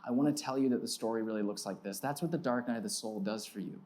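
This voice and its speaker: A man's voice: mid-range voice, fast talker, darkish tone. A man in his thirties preaching as a pastor, telling a self-mocking story with big swings in his voice. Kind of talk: storytelling sermon. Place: church sanctuary.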